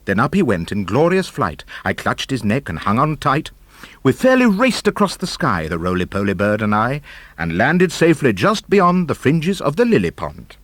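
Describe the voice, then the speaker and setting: A man narrating a children's book of comic verse, animated, theatrical and rhythmic. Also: medium pitch, moderate pace, no echo. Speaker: audiobook narrator. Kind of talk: expressive storybook verse reading.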